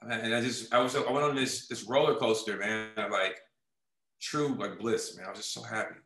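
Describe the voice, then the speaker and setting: A man's voice: fairly low pitch, fairly even intonation, normal speed, a bit bright, roomy sound, poor audio. A man in an interview, telling his story casually and animatedly, acting out quoted dialogue and often saying "man.". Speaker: music video director, guest.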